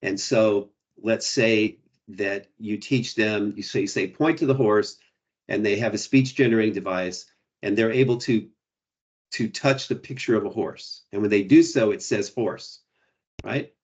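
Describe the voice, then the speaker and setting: Male academic presenter, low-pitched, halting explanations over slightly dull audio. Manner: hesitant, restarts, frequent "you know" and "right". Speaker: guest presenter. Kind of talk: academic Q&A answers.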